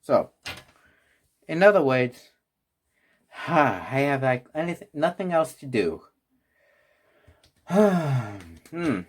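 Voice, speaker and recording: A man's voice: mid-range voice, very animated, extremely slow, pauses often, slightly rough. A man reviewing toys in a casual vlog, rambling and restarting as he talks, out of breath and sighing. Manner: rambling, restarts often, sighs. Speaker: toy reviewer.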